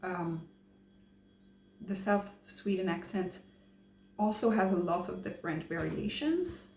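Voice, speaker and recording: A woman's voice: on the low side, animated, slow pace, a little mellow. A woman chatting casually to camera, hesitant, with many fillers and restarts. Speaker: travel vlogger. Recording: roomy echo, faint hum.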